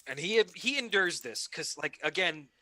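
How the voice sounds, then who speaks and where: A man playing a tabletop game, animated and laughing as he describes his character's reactions. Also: fairly high pitch, normal speed, no echo. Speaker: player. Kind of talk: casual tabletop game play.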